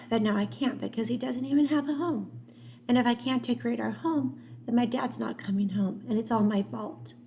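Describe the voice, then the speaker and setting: A woman's voice: on the high side, normal speed, a little mellow, slight background noise, voice pushed up, natural voice. A woman reading an audiobook voices an upset young boy, tearful and pleading. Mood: distraught.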